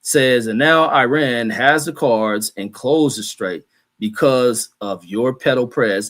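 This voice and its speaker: A man's voice: mid-range voice, normal speed, a bit bright. A man hosting a stream, reading viewer comments aloud and ranting bluntly in casual, heated commentary. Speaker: livestream host reading chat.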